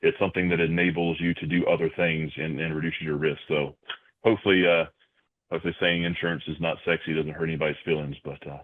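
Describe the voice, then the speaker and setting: A man with a very deep voice answers interview questions at a measured pace, often circling back with "you know" and repeated words. His voice comes through a thin, phone-like remote connection that strips away the fullness of the sound. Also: little pitch movement. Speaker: podcast guest. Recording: tinny phone-like remote line.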